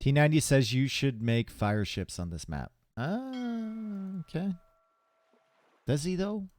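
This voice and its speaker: A man commentating a live strategy game tournament in a laid-back, chatty way. His voice sits at an ordinary middle pitch, and he drifts between play analysis and talk with his viewers. He is recorded on a desk microphone in a home streaming setup. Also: sing-song, moderate pace, a little mellow, no echo. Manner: casual, chatty, talks to chat between plays. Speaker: tournament caster.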